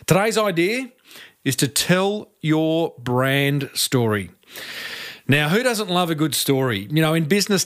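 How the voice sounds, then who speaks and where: A man's voice: on the high side, fairly bright tone. A middle-aged man hosting a podcast, giving marketing tips in an upbeat, direct way and calling listeners team. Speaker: podcast host. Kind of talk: solo marketing tips segment.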